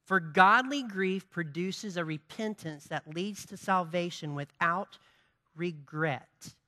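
A pastor delivers a sermon in a bright, ringing voice, pressing points home through repetition and rhetorical questions put to the congregation. The delivery climbs into forceful, emphatic stretches. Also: mid-range voice, takes it slowly. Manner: preaching with rising emphatic passages and repetition.

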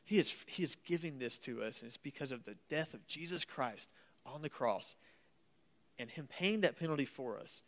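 A man's voice: mid-range voice, animated, normal speed. A man preaching a sermon at a church service in a folksy, joking way, reading scripture aloud and explaining it. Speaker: pastor.

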